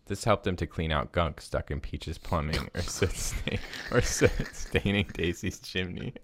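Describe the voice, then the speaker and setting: A man's voice: low-pitched, measured pace, slight background noise. A man co-hosting a podcast who reads a story aloud, chuckling at times, and chats casually. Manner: laughs while reading, lots of fillers in chat. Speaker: podcast co-host. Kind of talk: reading a story aloud, then casual chat.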